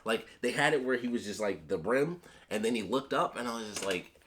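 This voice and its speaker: A man talking casually and excitedly as a video reviewer, rambling and trailing off, with the odd swear word. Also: mid-range voice, fairly quick, a little hiss or hum. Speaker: YouTube reviewer.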